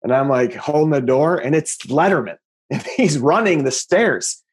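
A man in his forties, a guest comedian chatting casually, easygoing and quick to laugh. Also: on the high side, expressive, slightly rough. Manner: easygoing, laughs often, says "dude".

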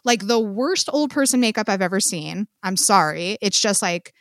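A woman's voice: medium pitch, lively intonation, normal speed, fairly bright tone, no room sound, clean studio sound. A young adult woman co-hosting a podcast, reviewing films in blunt, emphatic casual chat with swearing and repetition. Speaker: podcast co-host.

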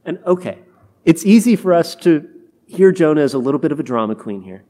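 A man's voice: on the high side, animated, quick pace, dark tone. A man preaching a homily, acting out the quoted complaints of the people in his story. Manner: acts out quoted complaints in character voices. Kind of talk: sermon.

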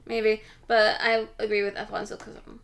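A woman's voice: mid-range voice, completely flat delivery, normal speed, vocal fry, a bit bright. A woman co-hosting a podcast in casual chat, chatty and opinionated, often talking over her partner. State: chewing while talking. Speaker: podcast co-host.

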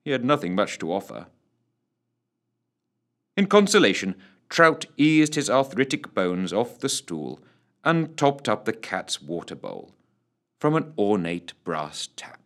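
A man with a lowish voice narrates an audiobook at a measured pace in an expressive, storytelling style.

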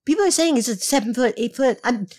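This is a blustery male politician impression, done by a woman, rambling in circles and repeating itself with stops and restarts. The voice sits fairly high and swings widely in pitch. It comes quickly and is delivered with plenty of podcast bravado. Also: lively intonation, a little mellow, close to an everyday voice. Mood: boastful. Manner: rambling, repetitive, halting.

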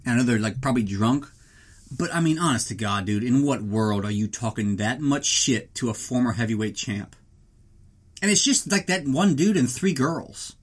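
A man's voice: mid-range voice, expressive, moderate pace, slightly rough. A man giving a comedic movie recap in a ranting, profane, incredulous way. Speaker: movie reviewer.

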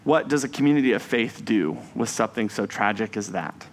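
A man preaching a Sunday sermon in a measured, reflective way, slowing down for emphasis on key phrases. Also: fairly low pitch, expressive, a little hiss or hum.

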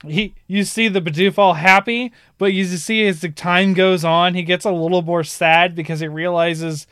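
A man chats casually as host of a gaming podcast, drifting into animated retellings full of "like" and "um". His voice sits a little high and sounds smooth and clean. The sound is dry and close. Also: moderate pace, dry recording. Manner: animated storyteller, frequent "like" and "um".

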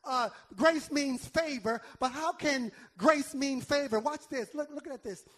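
A man's voice: very high-pitched, a little slow, fairly bright tone. A male pastor preaching a sermon, emphatic, repeating words and calling on the congregation to answer back.

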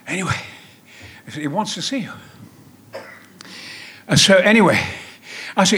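Booming theatrical older man. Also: lively intonation, a little slow, long pauses, bright, forceful tone. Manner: booming, theatrical, swears freely. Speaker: guest. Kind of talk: theatrical stage anecdote. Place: theatre stage.

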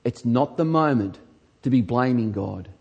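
A man who is a pastor, delivering an emphatic sermon in a church and rising to shouts on key lines. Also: mid-range voice, lively intonation, unhurried, vocal fry, breathy edge, muffled recording.

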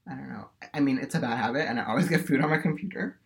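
A young man co-hosts a relaxed chat, rambling and opinionated, his talk padded with filler words. His voice sits at an ordinary middle pitch. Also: racing, gravelly, background noise. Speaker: podcast co-host. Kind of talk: casual chat.

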